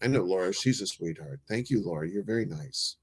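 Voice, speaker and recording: A man's voice: low voice, expressive, a little fast, crowd noise. A man chatting as a podcast guest, laid-back and rambling, swearing freely. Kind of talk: casual podcast chat.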